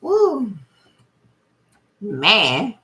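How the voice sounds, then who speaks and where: Giggly woman reacting loudly, bright voice. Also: medium pitch, wildly swooping pitch, extremely slow. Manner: laughs constantly, exclaims loudly. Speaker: reaction video host. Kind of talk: casual reaction commentary.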